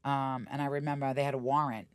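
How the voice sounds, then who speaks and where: Blunt, animated middle-aged woman storyteller. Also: very deep voice, quick pace, smooth, no echo. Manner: animated, acts out quoted voices; blunt, swears freely. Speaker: podcast guest. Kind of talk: casual storytelling interview.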